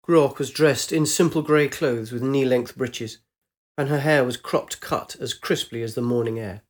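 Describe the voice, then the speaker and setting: Story narrator: adult man, mid pitch, measured and descriptive delivery.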